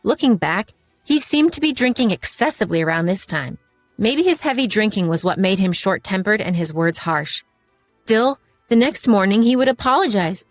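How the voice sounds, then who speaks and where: A woman reading a scripted first-person story in a steady, measured way. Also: mid-range voice, no echo, faint music behind. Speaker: narrator.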